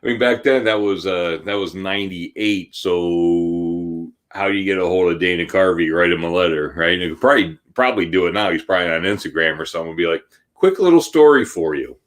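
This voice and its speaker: A man in his forties, co-hosting a podcast, telling an animated, laughing personal story in casual chat. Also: deep voice, brisk. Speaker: podcast co-host.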